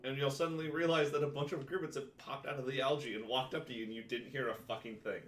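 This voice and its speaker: A man's voice: medium pitch, fairly even intonation, fast talker, echoey room, background noise. A man running a tabletop game as game master, narrating loosely with lots of fillers and casual cursing.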